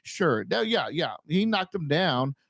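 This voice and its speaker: A man's voice: on the high side, big pitch swings, measured pace, vocal fry, a bit bright, no echo, studio quality. A man co-hosting a sports podcast, joking around with profane banter. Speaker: podcast co-host. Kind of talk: casual sports chat.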